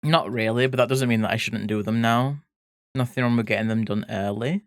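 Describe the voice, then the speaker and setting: This art streamer from Leeds in England keeps up loose, playful chat with viewers as she works, reading messages aloud and swearing occasionally. Her mid-pitched voice is brisk with fairly even intonation, recorded close and dry with no room sound.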